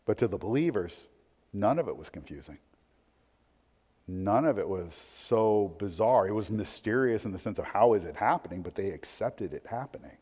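A man preaching a sermon who moves between quiet musing and loud, emphatic delivery, full of rhetorical questions. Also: lowish voice, expressive, moderate pace, breathy edge. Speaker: pastor. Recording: long hall reverb.

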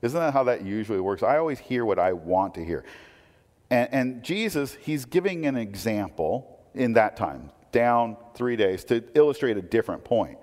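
A man's voice: medium pitch, big pitch swings, moderate pace, a little mellow. Man preaching in a reverberant hall. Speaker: pastor. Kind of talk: sermon.

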